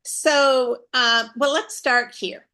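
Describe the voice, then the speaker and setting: A woman's voice: high voice, steady tone, slow pace, sharp tone. A woman co-hosting a live spiritual talk show, teaching in an earnest way with emphatic repetition. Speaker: co-host.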